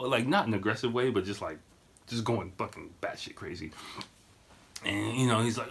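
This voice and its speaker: A man's voice: fairly low pitch, brisk, a bit bright. A man in his thirties telling a story on his podcast in a rambling, profane, casual way. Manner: rambling, profane, lots of fillers. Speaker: podcast host.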